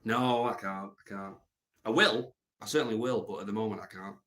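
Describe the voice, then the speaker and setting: A man rambling on his live stream, deadpan and meandering, with lots of ums and trailing thoughts. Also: on the low side, brisk. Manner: meandering and deadpan, heavy with fillers.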